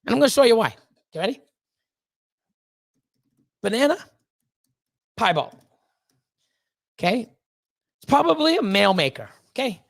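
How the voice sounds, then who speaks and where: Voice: mid-range voice, sing-song, measured pace, creaky, long pauses. A reptile breeder hosting a livestream, talking bluntly and heatedly to the chat, swearing often and restarting sentences. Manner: emphatic repeated pleading. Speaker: reptile breeder and channel host. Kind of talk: casual livestream talk to chat.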